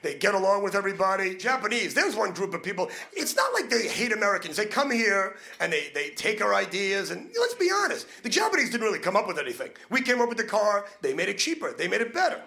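A male stand-up comedian with a brash, fast-talking manner, needling the crowd from a comedy club stage during a live set. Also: high voice, very animated, gravelly, pushed and bright. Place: comedy club stage before a laughing audience. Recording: noisy live club recording.

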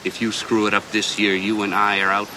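A man's voice: fairly low pitch, flat delivery, brisk, background noise, natural voice. An actor playing a stern, wealthy father who threatens his son in a comedy sketch. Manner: stern, menacing.

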